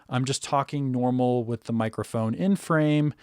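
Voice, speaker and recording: A man's voice: mid-range voice, moderate pace, no echo, clean studio sound. A man giving a casual, step-by-step spoken review of a microphone. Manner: relaxed, conversational, explaining step by step. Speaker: tech reviewer.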